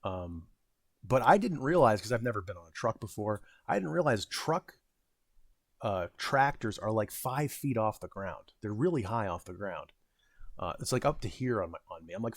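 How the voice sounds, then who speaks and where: The recording is dry and studio quality. A vlogger in his thirties, with a fairly low pitch and lively intonation, moves at a moderate pace through a casual, rambling story that pokes fun at himself and his retail job, stumbling over fillers and restarts along the way.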